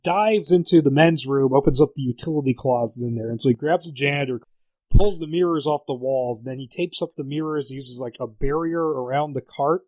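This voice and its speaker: A man's voice: mid-range voice, a little fast, darkish tone, no echo, low-quality recording. A man co-hosting a podcast, casually retelling a script in a chatty way and laughing often. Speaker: podcast co-host.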